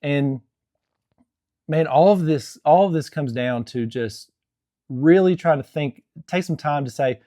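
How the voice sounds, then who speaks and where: A man's voice: fairly high pitch, a little slow, warm tone, dry recording, clean studio sound. A young man who is married and gives casual, earnest marriage advice to camera, rambling, with frequent restarts and fillers. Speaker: Christian marriage vlogger.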